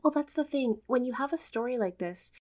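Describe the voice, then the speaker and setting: A woman's voice: high voice, expressive, fairly quick. A woman co-hosting a podcast, talking casually with dry, sardonic humor. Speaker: podcast co-host.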